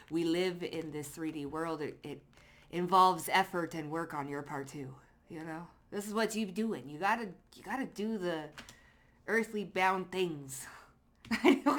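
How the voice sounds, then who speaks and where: A woman doing a casual pick-a-card tarot reading, chatty and slangy, cursing freely and laughing as she talks straight to her viewers. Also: lowish voice. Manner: lively storytelling with frequent laughs. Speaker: psychic tarot card reader.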